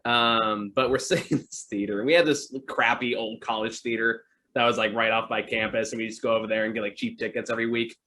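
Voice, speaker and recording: A man's voice: fairly low pitch, fairly even intonation, quick pace, hardly any pauses, bright, forceful tone. A man hosting a casual talk show, telling long rambling stories about movies with many fillers. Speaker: podcast host. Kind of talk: casual chat.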